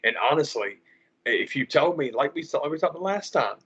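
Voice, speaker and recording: A man, co-hosting a podcast in an animated, profane ranting way. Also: a little high, a little fast, husky. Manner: animated, profane ranting with mocking quoted voices. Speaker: podcast co-host. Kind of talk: casual podcast chat. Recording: slightly dull lo-fi audio.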